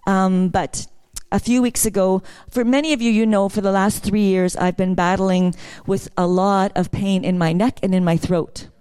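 A woman's voice: medium pitch, steady tone, moderate pace, few pauses, warm tone, clear, resonant tone. Middle-aged woman giving a church testimony, chatty and personal, building to fervent praise. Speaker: worship leader sharing a testimony.

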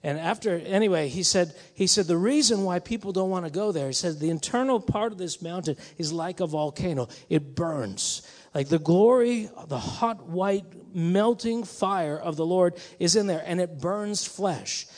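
A man preaching a sermon in a conversational, musing way that rises to emphatic bursts. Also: high voice. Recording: long hall reverb.

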